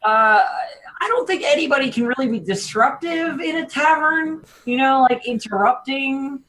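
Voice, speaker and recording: A woman with a slightly high voice plays her character at a tabletop game. She sounds bubbly and chatty, rattling along from one idea to the next. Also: normal speed, fairly bright tone, a little hiss or hum, poor audio. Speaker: player.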